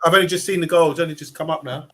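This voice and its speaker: A man's voice: a little high, steady tone, very fast. A man chatting casually during a football watchalong, teasing and eager. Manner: teasing, eager, laughs a lot. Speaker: co-host friend on stream. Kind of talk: casual chat.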